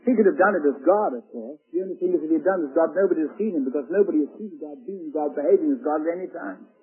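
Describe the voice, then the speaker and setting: Male preacher, sermon, high husky voice, dramatic hushed-to-loud delivery, thin phone-like radio sound. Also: rapid-fire. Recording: tinny lo-fi radio broadcast.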